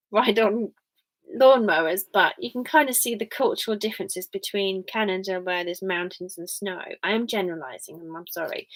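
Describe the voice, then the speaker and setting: A young English woman live streaming, chatting casually and rambling to her viewers. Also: lowish voice. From England. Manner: rambling and chatty, full of fillers.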